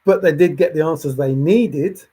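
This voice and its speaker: Husky-voiced man musing on a livestream. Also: fairly high pitch, normal speed, mellow. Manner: musing, thinks aloud and answers chat comments. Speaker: livestream host. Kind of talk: rambling livestream chat.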